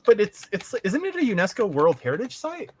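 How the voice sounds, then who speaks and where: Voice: medium pitch, big pitch swings, brisk, a little hiss or hum. A podcast co-host from Canada chatting casually, telling profane stories and laughing often. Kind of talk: casual chat.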